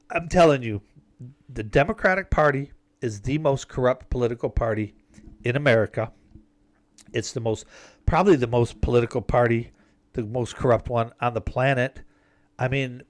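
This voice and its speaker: A man delivering an emphatic, rambling political monologue with sarcastic asides. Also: medium pitch. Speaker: political commentator.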